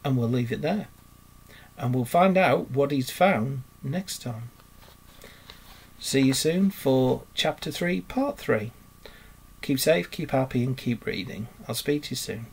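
A man teacher reads a children's chapter book aloud in a steady, expressive storytelling voice. His tone sits at an ordinary middle pitch with a husky, breathy grain. He paces the narration evenly for young listeners. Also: a little slow, pauses often. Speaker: teacher reading to pupils.

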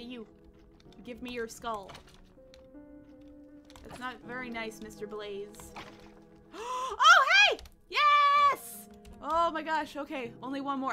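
A woman hosting a let's play, chatting to game creatures and breaking into excited shrieks. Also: sits high. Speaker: gaming channel host. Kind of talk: let's play gaming commentary.

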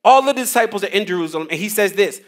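Rapid-fire and animated, this high-pitched man teaches a church Bible study over a headset mic. His energetic lesson mixes casual slang with call-and-response exchanges with the room.

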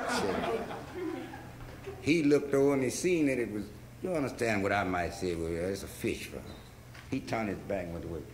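A man's voice: on the low side, a little mellow, reverberant, a little hiss or hum. A man telling a rambling story in a loose drawl, talking blues over guitar. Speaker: blues singer. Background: electric guitar playing.

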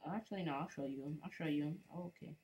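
A woman's voice: low-pitched, quick pace, darkish tone. A woman giving casual, rambling commentary while playing a game, humming and mumbling to herself and repeating words. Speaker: gaming channel host.

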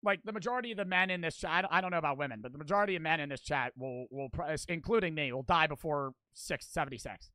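A man live-streaming a reaction, talking to his chat in an animated, slangy, rambling way with lots of "like.". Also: on the high side, quick pace, hardly any pauses, no room sound.

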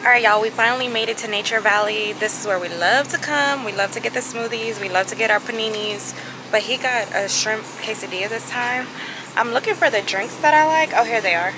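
A woman's voice: fairly high pitch, brisk. A young woman, chatting casually to her vlog viewers and calling them y'all. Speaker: travel vlogger. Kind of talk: casual vlog chat to camera. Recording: noisy phone-camera vlog audio.

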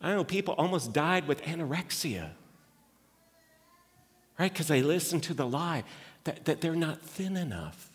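A male pastor delivers a sermon in a loose, conversational way, acting out little quoted voices and often restarting his sentences. His voice sits somewhat high for a man, and it rings out with a long reverb through the church hall. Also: lively intonation, unhurried, pauses often. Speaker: lead pastor. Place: church sanctuary.

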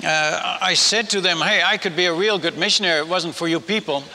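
An older Dutch man from the Netherlands, a missionary speaker, tells a humorous missionary story as a folksy sermon, restarting often. His voice is high-pitched, brisk, bright and forceful, heard in a long hall reverb with faint noise.

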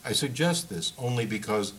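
A man's voice: mid-range voice, expressive, normal speed, fairly bright tone, a little hiss or hum, close to an everyday voice, low-quality recording. A man reading the lines of a young emigrant who speaks hesitantly and with great deference, groping for words. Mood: coaxing. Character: German Polish emigrant, deferential, halting.

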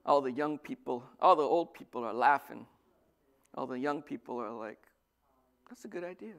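A male pastor preaching a sermon, lively, swinging from loud bursts to soft asides. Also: medium pitch, moderate pace, gravelly.

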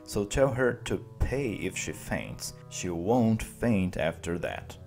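A man's voice: lowish voice, very animated, slow pace, creaky, a little mellow, soft background music, full character voice. A man voicing a blunt, matter-of-fact American father in a read-aloud story. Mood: dry.

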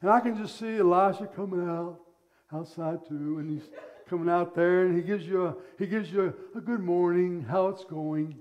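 A male pastor preaching a sermon, telling the story in an animated way and acting out the scenes. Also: high-pitched, normal speed, highs cut off.

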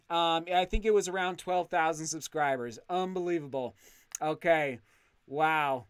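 A man's voice: on the high side, a little slow, smooth, no echo, clean studio sound. A man hosting a casual livestream, reading viewer comments aloud and thanking them effusively, often restarting his sentences. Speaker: channel host reading live chat.

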